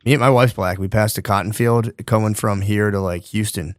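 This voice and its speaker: A man co-hosting a casual comedy podcast, laid-back and quick to agree. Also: fairly low pitch, steady tone, no room sound, clean studio sound. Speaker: podcast co-host.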